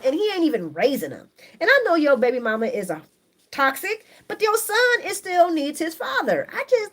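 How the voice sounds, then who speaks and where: Animated, chatty woman host. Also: fairly high pitch. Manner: chatty and opinionated, animated, laughs often. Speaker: soap opera recap host on a live stream. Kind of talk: casual live chat reading viewer comments.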